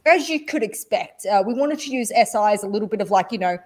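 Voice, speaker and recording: A woman guest on a podcast, telling a story in casual chat, animated and swearing, acting out what people said. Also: medium pitch, fast. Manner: animated, swearing, acts out quotes. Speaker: guest, esports desk analyst.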